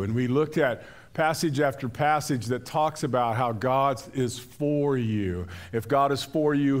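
An older man, a pastor, preaching a sermon in a conversational, storytelling way with frequent restarts. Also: medium pitch. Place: church sanctuary.

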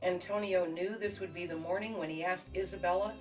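A woman hosting a cooking show, narrating a spoof romance and explaining a recipe with a deadpan, tongue-in-cheek manner. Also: on the low side, brisk. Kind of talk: mock-dramatic romance narration and cooking demonstration. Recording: distant mic with music behind.

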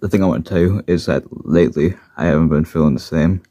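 A man voicing a gentle, earnest little blue miniature engine who talks softly about his troubles. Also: very deep voice, quick pace, breathy edge, no echo, studio quality, full character voice. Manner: soft-spoken, troubled, earnest. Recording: dull lo-fi recording.

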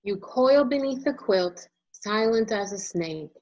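A woman illustrator reading a children's picture book aloud, as a gentle and expressive storyteller. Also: mid-range voice, slow, lo-fi sound.

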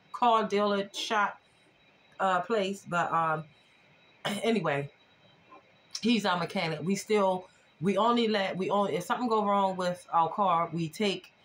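A woman's voice: fairly low pitch, fairly bright tone, a little hiss or hum. A woman vlogger chatting casually through a storytime, rambling and repeating herself as she retells conversations.

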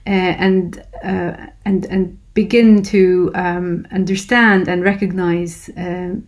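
A woman's voice: lowish voice, flat delivery, slow. A woman lecturer explaining a research method, talking hesitantly with many fillers and restarts. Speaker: university lecturer. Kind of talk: recorded lecture.

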